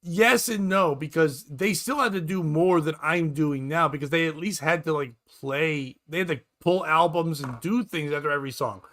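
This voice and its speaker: Bright-voiced man riffing casually. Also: fairly high pitch, normal speed, hardly any pauses. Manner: rambling, profane, jokey. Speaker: podcast host and radio DJ. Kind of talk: casual comedic chat.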